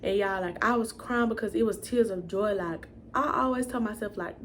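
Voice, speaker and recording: A woman's voice: mid-range voice, normal speed, a little hiss or hum. A young woman telling a storytime vlog in a casual, chatty way, addressing viewers as y'all. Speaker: vlogger.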